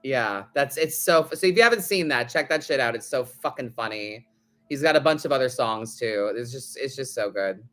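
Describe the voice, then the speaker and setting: A man's voice: medium pitch, animated, normal speed, sharp tone. A man hosting a live tarot stream, talking in a loose, chatty way full of "like" fillers, casual swearing and frequent laughter. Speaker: tarot reader, host.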